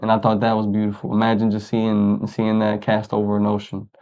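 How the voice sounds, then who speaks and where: A man with a low, fairly flat voice spins a loose, slangy story and keeps checking in with his listener. The sound is a bit dull and lo-fi. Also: a little fast. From United States. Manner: rambling, slangy, lots of "you know what I'm saying". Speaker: podcast co-host. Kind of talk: casual storytelling chat.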